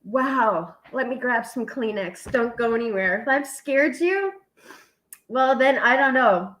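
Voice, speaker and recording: High-voiced woman, heartfelt and tearful. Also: lively intonation, a little slow, fairly bright tone, poor audio. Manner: tearful, heartfelt, swears casually. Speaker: vlog host. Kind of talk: emotional casual chat.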